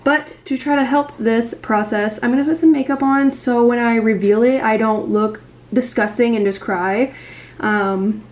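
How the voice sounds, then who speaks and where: A woman's voice: fairly high pitch, fairly even intonation, normal speed, darkish tone. A young woman in a casual vlog, talking in an anxious, rambling way with lots of fillers. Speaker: vlogger.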